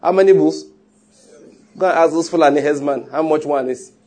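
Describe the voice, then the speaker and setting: A man's voice: fairly high pitch, brisk, darkish tone. A man preaching a sermon, emphatic and teasing, often repeating his points. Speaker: pastor.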